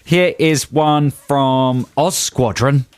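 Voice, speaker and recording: A man's voice: medium pitch, very slow, clean tone, no room sound, faint music behind. A man co-hosting a radio show, reading listener texts with playful, mock-serious asides. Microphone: studio microphone.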